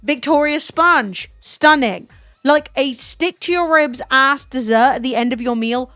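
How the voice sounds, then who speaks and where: A woman's voice: high-pitched, unhurried, dry recording, soft background music. A young English woman streaming, chatting casually with lots of swearing and joking asides. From England. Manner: swears freely, animated and jokey. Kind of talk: casual chat.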